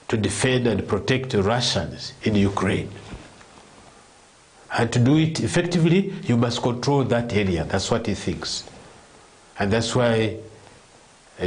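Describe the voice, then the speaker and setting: A man, explaining world affairs at length as a commentator on a live talk show, with frequent restarts and repeated words. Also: on the low side.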